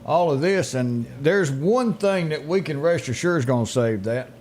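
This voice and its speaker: A man's voice: fairly high pitch, lively intonation, moderate pace, darkish tone, slight background noise. A man co-hosting a radio talk show, speaking in an earnest, preachy way. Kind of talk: casual talk.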